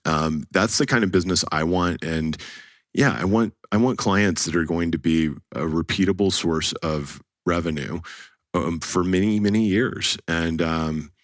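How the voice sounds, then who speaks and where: A man with a very low, deep voice talks bluntly and casually, coaching other salespeople. He is recorded close to the mic in a dry room with no echo. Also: unhurried. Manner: blunt, casual, laughs at own stories. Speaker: commercial real estate broker. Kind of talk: instructional talk to camera.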